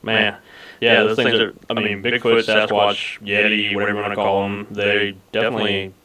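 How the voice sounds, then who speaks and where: A man's voice: on the low side, monotone, normal speed, bright, forceful tone, roomy sound, low-quality recording. A man hosting a live paranormal podcast, easygoing and joking, laughing often as he talks. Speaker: podcast host. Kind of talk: casual live interview.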